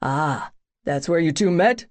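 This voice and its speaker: A woman's voice: low voice, expressive, unhurried, darkish tone. A woman voicing a formal older colonel. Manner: formal and polite. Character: older male commanding officer, courteous, formal.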